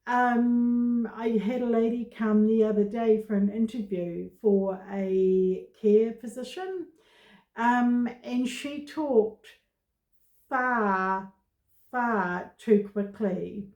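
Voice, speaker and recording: A woman vlogger talking to camera about her own experience, in slow, halting speech with many pauses and fillers. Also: a little high, fairly even intonation, a little mellow, echoey room, lo-fi sound. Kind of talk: casual personal talk to camera.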